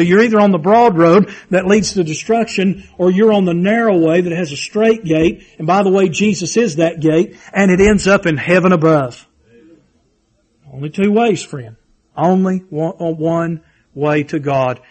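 A man preaching a sermon, fervent and repetitive, telling personal stories. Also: high voice.

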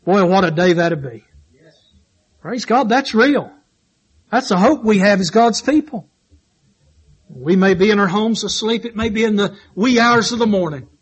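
A man preaches in church with fervent, repetitive exhortation, hammering his points as his voice rises and falls. His high-pitched voice is expressive with a breathy edge, moving at a moderate pace with long pauses.

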